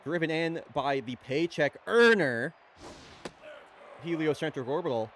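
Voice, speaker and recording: Chatty, slightly high-pitched male commentator. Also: animated, unhurried, a bit bright, a little hiss or hum. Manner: chatty, rattles off play-by-play. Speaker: play-by-play commentator and host. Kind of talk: casual fake-baseball commentary.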